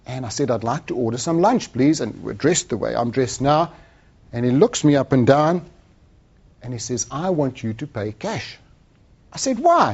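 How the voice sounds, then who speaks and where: A man's voice: medium pitch, husky, muffled recording. A man giving a motivational talk as a sales trainer, telling stories and acting out the dialogue. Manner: animated storyteller acting out dialogue.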